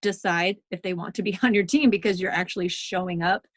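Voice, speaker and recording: A woman's voice: lowish voice, steady tone, brisk, no room sound. Chatty reassuring woman on a dry call. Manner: chatty, reassuring, many ums and likes. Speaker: team leader in direct sales. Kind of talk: casual training talk on a video call.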